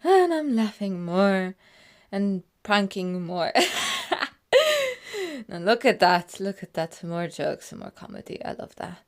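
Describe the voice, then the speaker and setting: This mid-range female voice takes its time as she chats casually over her own footage. She laughs frequently, shifting from loud bursts of excitement to quiet, murmured side comments.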